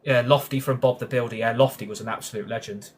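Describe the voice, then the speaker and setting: A man's voice: mid-range voice, steady tone, quick pace. A young British man streaming a racing game, chatting casually, grumbling and swearing when frustrated. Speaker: gaming streamer. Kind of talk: live gameplay commentary.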